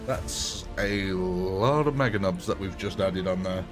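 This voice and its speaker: A man's voice: low-pitched, unhurried, music in the background. A man hosting a live gameplay stream, chatting casually with viewers and laughing often. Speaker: livestream game host.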